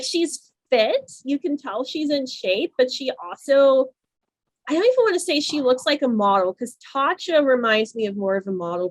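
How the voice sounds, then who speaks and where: A woman's voice: fairly high pitch, no room sound. A woman co-hosting a podcast, gushing in casual chat about a reality show, full of "like" fillers. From United States. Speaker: podcast co-host.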